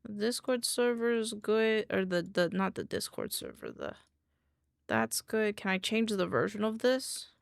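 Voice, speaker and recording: A woman's voice: medium pitch, very animated, measured pace, creaky, dry recording, clean studio sound. A young woman with a Southern accent, rambling goofily to her chat while streaming. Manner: goofy, rambling, talks to chat. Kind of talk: casual live-stream chat.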